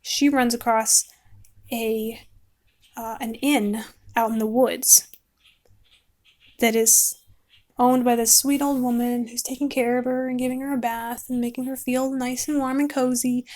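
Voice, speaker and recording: A woman casually rambling about a book she likes while she paints, chatty and quick to laugh. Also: fairly high pitch, little pitch movement, a little mellow. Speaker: book vlogger.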